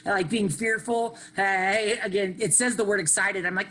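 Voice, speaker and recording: A middle-aged woman, giving an energetic, self-mocking recovery share that she keeps punctuating with "hey" and "okay.". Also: mid-range voice, moderate pace, rough recording. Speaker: workshop speaker sharing on recovery.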